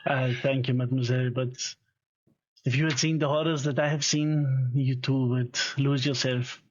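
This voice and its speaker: A man voicing a weary, shell-shocked man who craves his drugs, with a weak put-on French accent and a tired, blunt, halting delivery. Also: mid-range voice, flat delivery, lo-fi sound, close to an everyday voice. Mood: grim.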